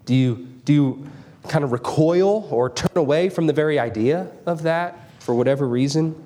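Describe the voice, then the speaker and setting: A man's voice: on the high side, moderate pace, warm tone. Earnest man preaching a sermon. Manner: earnest, questioning the congregation directly. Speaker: pastor. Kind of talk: expository sermon.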